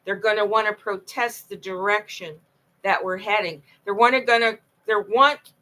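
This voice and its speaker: A woman's voice: medium pitch, steady tone, moderate pace, sharp tone, rough recording. A woman talking alone late at night, telling her own story in an impassioned, rambling way and often repeating herself. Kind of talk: late-night monologue to camera.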